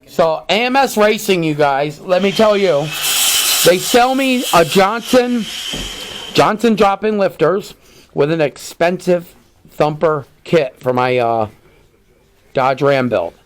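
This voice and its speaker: A man's voice: a little high, lively intonation, takes it slowly, background noise. A man hosting his own vlog, talking casually to viewers about a truck engine build and ranting in frustration. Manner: frustrated, ranting, keeps saying "you guys".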